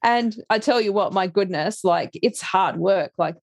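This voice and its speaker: A woman's voice: mid-range voice, unhurried, creaky, husky, dry recording, studio quality. A middle-aged woman, chatting casually as an interview guest, laughing often and restarting her sentences. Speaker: interview guest, life coach.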